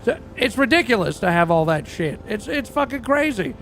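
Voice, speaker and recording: A man playing a crude, boastful rock singer who rambles through profane, deadpan tall tales in a game roleplay. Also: sits high, moderate pace, slight background noise, heavily acted. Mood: rambling, crude. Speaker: roleplay character.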